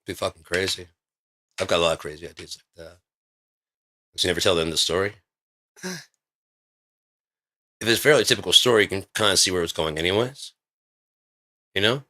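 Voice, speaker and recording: A man vlogging in a casual, rambling monologue, swearing often and getting excited as he pitches his ideas. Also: fairly quick, long pauses. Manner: rambling, profane, excitable storytelling.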